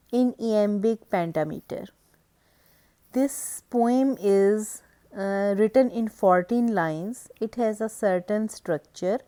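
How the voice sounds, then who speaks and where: A woman giving a recorded lecture, explaining step by step in a measured way with occasional hesitant fillers. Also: mid-range voice, dark tone.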